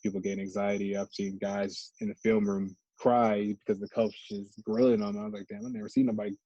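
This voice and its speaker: An American man in his thirties, a podcast guest, telling stories in slangy, animated casual chat. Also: fairly low pitch, normal speed, no room sound, highs cut off. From United States. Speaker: podcast guest, former college football player.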